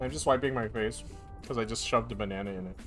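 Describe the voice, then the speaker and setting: A man's voice: on the low side, quick pace, fairly bright tone, faint music behind. Rambling, jokey young man streaming. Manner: rambling, jokey, talks baby talk to his cat. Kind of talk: casual chat.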